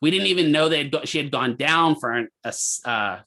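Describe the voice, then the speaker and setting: A man teaching a physical therapy class, telling a hospital story in a lively way and asking students questions. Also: a little high, a little fast. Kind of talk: lecture with a clinical story.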